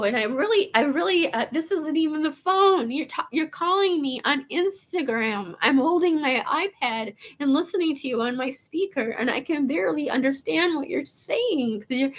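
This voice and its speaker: Gravelly, high-voiced woman rambling profanely. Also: fairly bright tone. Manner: rambling, profane storytelling full of restarts. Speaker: vlogger. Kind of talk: casual confessional storytelling.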